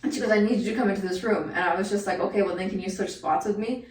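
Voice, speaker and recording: Relaxed woman telling a nurse story. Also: mid-range voice, racing. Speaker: nurse, podcast guest. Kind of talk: casual chat. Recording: echoey room, distant mic.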